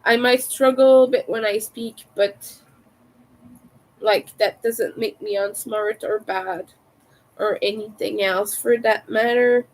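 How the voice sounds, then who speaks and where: French-accented woman streamer, unhurried, slightly high voice, crisp T's. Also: steady tone, rough recording. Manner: carefully overpronounces her T's. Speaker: crochet livestreamer. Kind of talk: casual livestream chat.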